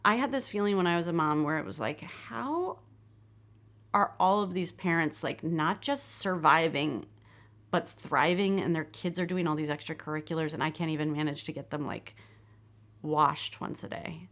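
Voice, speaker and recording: American woman, filmmaker lecture, candid, self-deprecating, lowish voice. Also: normal speed, fairly bright tone. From United States. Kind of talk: lecture, reading from her screenplay.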